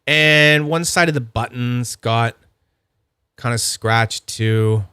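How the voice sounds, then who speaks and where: A man's voice: medium pitch, slow pace, sharp tone, smooth, no echo, clean studio sound. A young man rambling casually about fidget toys, full of fillers and restarts. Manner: rambling, filler-heavy, chatty. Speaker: fidget toy reviewer. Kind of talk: casual unboxing chat.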